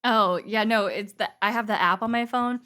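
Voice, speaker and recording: A woman's voice: a little high, moderate pace, bright, forceful tone. A young woman talks in a loose, rambling way, dropping "like" and "um" all through her sentences. She is co-hosting a casual podcast chat. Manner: chatty, rambling, full of "like" and "um". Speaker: podcast co-host.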